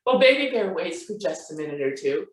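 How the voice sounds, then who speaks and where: A woman who writes children's books, speaking in an animated storytelling manner about her work. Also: on the low side, fairly quick. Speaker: children's book author. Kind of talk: author talk with a read-aloud. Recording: roomy sound from a distance.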